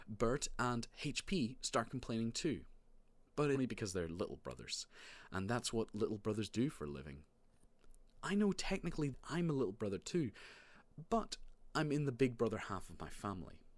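Animated low-voiced male narrator. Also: no room sound. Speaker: audiobook narrator. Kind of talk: first-person storybook narration.

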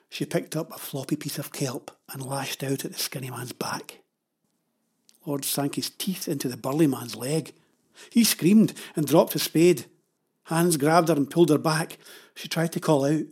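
A man reading a children's story aloud in a steady, dramatic way. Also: medium pitch, breathy edge. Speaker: narrator.

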